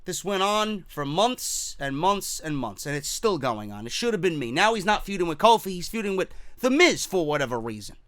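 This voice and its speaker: Brief: fired-up male ranter, bright high voice, dry close sound. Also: sing-song, moderate pace, hardly any pauses, no echo. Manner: heated, profane, repetitive ranting; mocking quoted voices. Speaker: wrestling commentary host. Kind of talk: ranting opinion show.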